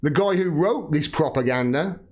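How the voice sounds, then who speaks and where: A British man in his forties holds forth on a live political stream in a fairly high voice, angry and sweary, breaking into laughs now and then. He talks straight to his viewers as the host. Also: expressive, normal speed. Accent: British English. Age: 40s. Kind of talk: livestream political rant.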